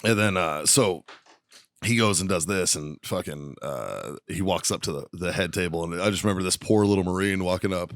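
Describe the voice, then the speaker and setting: A podcast host with a low-pitched voice tells a story in casual conversation, speaking a little fast. He swears constantly and often breaks into laughter, in a dry, studio-quality recording.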